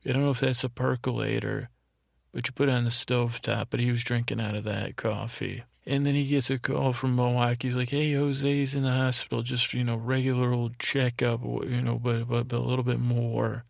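A man hosting a sleep podcast, slowly recapping a TV episode in a meandering, monotone storytelling manner with frequent restarts. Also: medium pitch, gravelly, no echo, studio quality. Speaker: podcast host.

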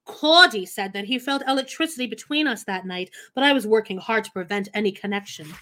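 A woman's voice: medium pitch, a little fast, bright, forceful tone. A woman co-hosting a podcast, reading a memoir aloud with playful, wry asides. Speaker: podcast co-host.

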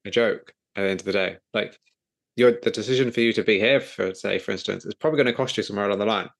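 A man's voice: lowish voice, quick pace, creaky. A man hosting an interview podcast, chatting casually in rambling, self-correcting runs. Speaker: podcast host.

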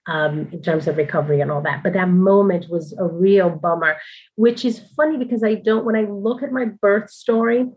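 A woman's voice: mid-range voice, normal speed, darkish tone, poor audio. A woman telling her own story casually and candidly, with frequent asides and fillers and a ready laugh.

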